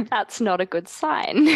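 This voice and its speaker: Brief: joking woman player with a gravelly, creaky voice. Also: fairly high pitch, a bit bright, dry recording. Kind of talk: casual tabletop play.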